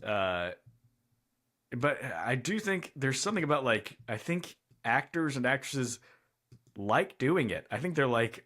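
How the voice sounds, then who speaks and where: A man co-hosting a casual movie review chat, speaking in a thoughtful, hedging way with frequent pauses and fillers. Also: medium pitch, expressive, fairly bright tone. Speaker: podcast co-host.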